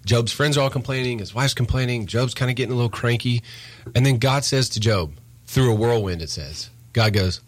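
A man's voice: mid-range voice, fairly quick, no echo. A man in a casual faith conversation, telling stories and acting out sarcastic voices. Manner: animated storyteller who acts out sarcastic voices.

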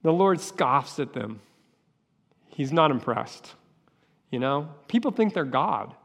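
A man's voice: medium pitch, very animated, takes it slowly, gravelly, a bit bright. A man preaching a sermon with passion, acting out voices as he goes. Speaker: pastor. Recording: long hall reverb.

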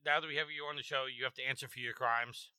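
A man hosts a casual gaming podcast, joking around while eating. His voice is bright and forward. The sound is dry, with no room around it. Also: mid-range voice, fairly even intonation, fast, clear, resonant tone, no echo. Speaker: podcast host. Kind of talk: casual chat.

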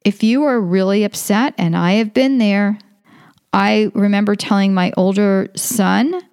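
A woman's voice: medium pitch, a little slow, a little mellow, smooth, no room sound. Earnest mother giving parenting tips, dry sound. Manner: earnest, faith-based, lists numbered tips. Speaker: parenting guest. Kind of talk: casual advice talk.

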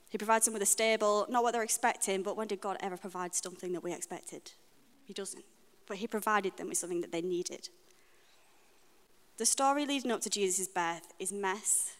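Pausing often to reflect, a British-accented woman delivers an earnest, deeply personal sermon. Her voice carries with a long reverb through a church hall.

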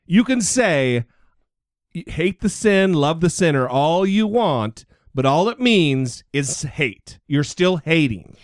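A man's voice: on the high side, sing-song, slow pace, dry recording, studio quality. A man co-hosting a political podcast, talking casually in a sarcastic, outspoken way. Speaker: podcast co-host.

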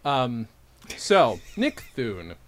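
A man's voice: medium pitch, very slow, crowd noise. A man from upstate New York hosting a podcast, chatting casually, laughing often and poking fun at himself. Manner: animated, laughs often, self-deprecating. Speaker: podcast host.

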